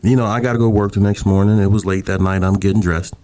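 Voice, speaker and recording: A man's voice: fairly low pitch, steady tone, fast talker, mellow. A man who is a podcast guest, telling a story in a laid-back, casual and profane way.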